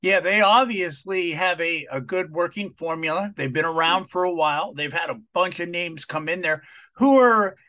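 A man hosting a podcast, asking easygoing, halting interview questions. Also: high voice, bright, forceful tone. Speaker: podcast host.

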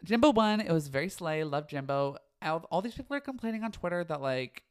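A man's voice: on the high side, animated, brisk, clean tone. A young man hosting his own podcast, talking in a campy, dramatic, gossipy way and swearing freely. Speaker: podcast host. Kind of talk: casual solo podcast chat.

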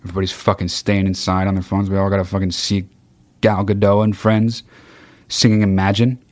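A man's voice: deep voice, level tone, brisk, no room sound. Profane rambling male podcast host. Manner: rambling, sarcastic, swears constantly; sings mock-solemn snatches of songs. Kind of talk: profane comedic monologue.

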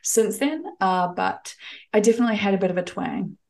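A woman's voice: medium pitch, fairly quick, creaky, darkish tone. A young woman with a New Zealand accent, chatting as a guest in a casual podcast interview, with plenty of fillers and restarts. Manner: chatty, self-deprecating, lots of fillers and restarts.

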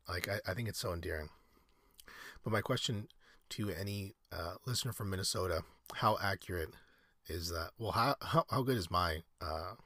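A man's voice: deep voice, pushed and bright, dry recording, clean studio sound. A man reading aloud in a casual podcast, often breaking off into rambling, self-correcting asides. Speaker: solo podcaster.

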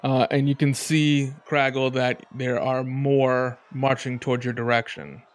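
A man's voice: medium pitch, little pitch movement. A man narrating as game master in a casual tabletop game session. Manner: casual, unhurried narration with fillers.

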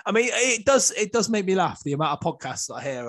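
A man's voice: high-pitched, very animated, fast talker, fairly bright tone. A man hosting a rugby podcast in casual banter, joking and swearing freely. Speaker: podcast host.

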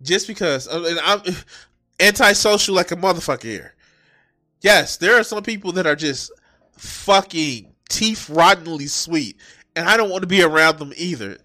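A man mocking a clip in a profane, animated reaction commentary, cursing and laughing at the speaker. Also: fairly high pitch, moderate pace. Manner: mocking, animated, swears heavily.

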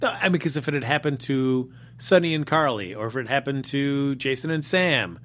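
A man co-hosting a soap opera chat show, talking in a measured, analytical way. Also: mid-range voice, a bit bright. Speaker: co-host. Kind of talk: casual chat.

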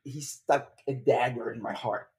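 Lebanese-born man telling a lively story. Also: mid-range voice, measured pace. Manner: acts out quoted voices, says bro often. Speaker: guest entrepreneur. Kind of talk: animated storytelling.

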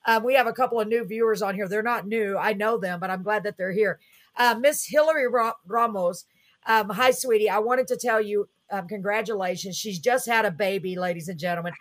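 A woman's voice: medium pitch, brisk. A woman, hosting a live music chat show in an effusive, rambling way with lots of fillers. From Texas. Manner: effusive, chatty, many fillers. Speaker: host. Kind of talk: casual live-stream chat.

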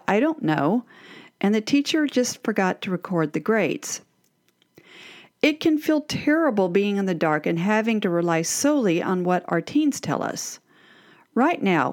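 A middle-aged woman giving scripted advice to mothers of teens, acting out the voices of parents and teenagers as she talks. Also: mid-range voice. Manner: expressive, acts out teen and parent voices.

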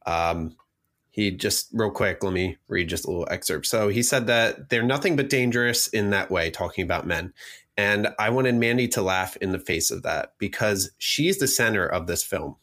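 A man's voice: fairly low pitch, normal speed, fairly bright tone. A man co-hosting a podcast, talking casually with many fillers and restarts. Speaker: podcast co-host.

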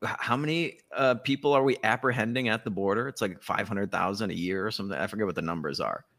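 A man's voice: fairly low pitch, fast, a bit bright. A man hosting a podcast in casual political chat, sarcastic and profane, laughing often between remarks. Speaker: podcast host.

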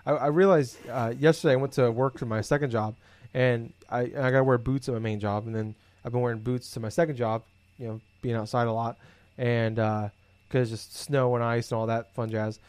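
A man chatting casually, rambling through everyday stories with frequent swearing and filler words. His voice sits at a middle pitch and comes across dry and close, with no room sound. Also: a little fast, smooth, no echo. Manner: rambling, profane, animated storytelling. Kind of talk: casual chat.

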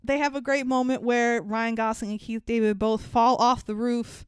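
A woman co-hosting a podcast, casually recapping a movie in animated talk, swearing freely and acting out lines. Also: a little high, moderate pace, clear, resonant tone, dry recording, studio quality. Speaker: podcast co-host.

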